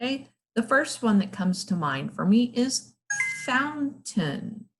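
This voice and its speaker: A woman teaching a phonics lesson to young children, sounding out letters and words slowly and praising often. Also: medium pitch, big pitch swings, soft background music.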